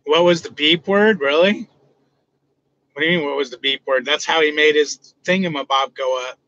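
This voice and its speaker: A man's voice: on the high side, moderate pace, a bit bright, dull audio. A man hosting a casual livestream from inside his truck, joking loosely and answering his chat. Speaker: livestream host.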